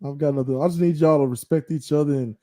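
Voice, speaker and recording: A man's voice: on the high side, steady tone, quick pace, mellow. A man hosting a casual sports podcast, reflective and teasing, often tagging his points with "right?". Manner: reflective, teasing, uses filler words like "right?". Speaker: podcast host.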